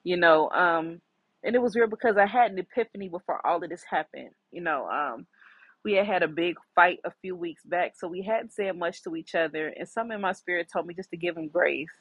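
A woman's voice: fairly low pitch, brisk, husky, no echo, low-quality recording. A middle-aged woman hosting a podcast, candidly and reflectively telling a personal story with many fillers. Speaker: podcast host.

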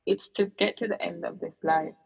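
Brief: woman guest, earnest and reflective, gravelly voice, dull lo-fi recording. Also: on the low side, steady tone, a little fast, soft background music. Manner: earnest, reflective, with frequent fillers and restarts. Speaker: interview guest. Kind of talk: personal storytelling in casual chat.

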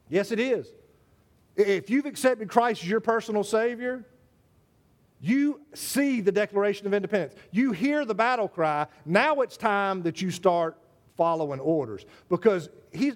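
A man preaching a sermon to his church, emphatic and repetitive, full of rhetorical questions. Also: sits high. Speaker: pastor.

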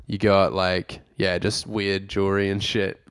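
A young man talks through a movie in easy podcast banter. His voice sits a little low, and the recording is close and dry with no room sound. He swears offhandedly and keeps a loose, laid-back flow. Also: level tone, a little slow, a bit bright, clean tone, no echo. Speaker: podcast co-host. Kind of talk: casual film chat.

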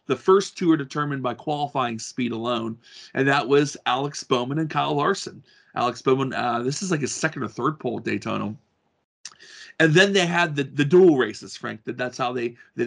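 A man's voice: medium pitch, creaky, a bit bright. A man co-hosting a podcast, chatting casually about motor racing, rambling with many restarts and fillers. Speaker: podcast co-host. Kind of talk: casual sports chat.

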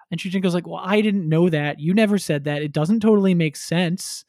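A man's voice: sits high, fairly quick, a little mellow, no echo, studio quality. A man chatting casually on a podcast, retelling a story and acting out characters with crude humor. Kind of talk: casual chat.

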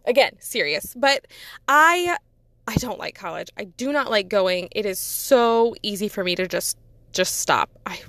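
A woman's voice: mid-range voice, animated, measured pace, fairly bright tone, no room sound. A woman, chatting casually and rambling, laughing often at herself. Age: 30s. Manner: giggly, rambling, self-deprecating. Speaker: podcast host. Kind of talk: casual personal chat.

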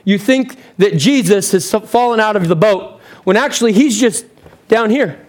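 High-voiced impassioned pastor preaching. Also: male voice, lively intonation, moderate pace. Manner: impassioned, with big swings in pitch and pace. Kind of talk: sermon. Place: church.

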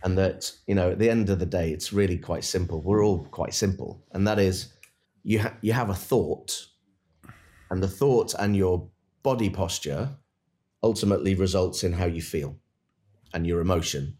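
A man, a dentist and business coach, guesting on a podcast and telling stories in an animated, earnest coaching tone. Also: sits low, normal speed. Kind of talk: casual podcast storytelling.

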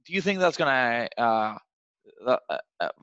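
A man talks through sales advice in a loose, chatty way, filling his points with "like" and checking in with "right?". His mid-pitched voice comes through a dull, narrow recording. The sound is dry, with no room echo. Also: lively intonation, normal speed, fairly bright tone, clean tone. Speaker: sales coach. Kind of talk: casual advice chat.

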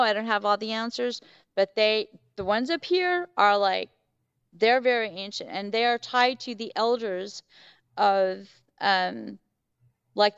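A middle-aged woman appearing as a podcast guest tells a casual story in a rambling style full of fillers and restarts. Her medium-pitched voice sounds clean with no echo, though the highs are cut off.

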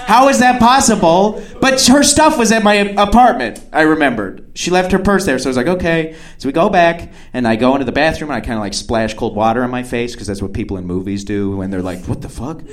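Young male comic with a very animated voice who rambles and chuckles his way through a story. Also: a little high, fairly quick, hardly any pauses. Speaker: stand-up comedian. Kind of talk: stand-up comedy.

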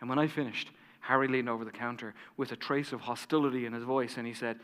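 Bright-voiced male pastor telling a story. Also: medium pitch, fairly even intonation, quick pace. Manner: dramatic storyteller, drops to a hush. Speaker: lead pastor. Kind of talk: storytelling sermon. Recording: reverberant church hall.

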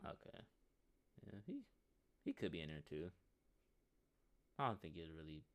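A man's voice: low-pitched, lively intonation, normal speed, fairly bright tone. A man co-hosting a podcast, chatting casually about basketball in a loose, rambling way and laughing often. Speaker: podcast co-host. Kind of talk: casual sports chat.

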